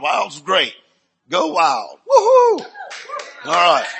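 Older man, preacher, rambling folksy sermon, bright raspy voice, slow with gravel. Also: high-pitched. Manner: rambling, folksy, with repeated restarts and sudden shouts. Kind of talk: storytelling sermon.

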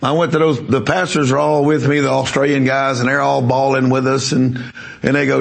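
Gravelly preacher man. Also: mid-range voice, level tone, brisk. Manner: emphatic, repeats words as he builds a story. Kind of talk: sermon storytelling.

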